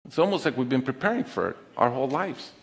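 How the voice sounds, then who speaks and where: Middle-aged man, mid-pitched voice, earnest heartfelt talk on stage, long auditorium reverb. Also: big pitch swings, creaky, a little hiss or hum. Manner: deliberate, earnest, heartfelt delivery with pauses. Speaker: conference speaker. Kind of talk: personal storytelling talk on stage.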